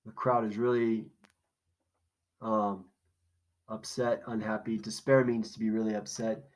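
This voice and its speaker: A man's voice: on the low side, level tone, unhurried, rough recording. A man teaching a recorded poetry lesson, explaining in a casual way and asking questions that he then answers himself. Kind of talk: recorded classroom lesson walkthrough.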